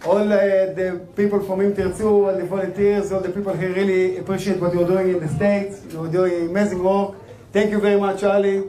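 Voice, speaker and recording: High-voiced host in an echoey hall. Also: male voice, level tone, warm tone, a little hiss or hum. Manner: halting, with many fillers. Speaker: event host. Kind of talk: introducing a speaker. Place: event hall.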